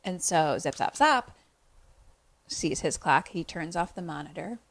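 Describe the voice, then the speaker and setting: A young woman casually recapping a horror movie for a podcast, animated and profane, acting out lines from the film. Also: fairly low pitch, a little slow, no echo. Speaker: podcast co-host.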